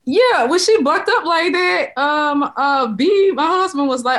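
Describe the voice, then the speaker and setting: A woman co-hosting a casual chat, chiming in with quick remarks and frequent laughter. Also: high voice, animated, fairly bright tone.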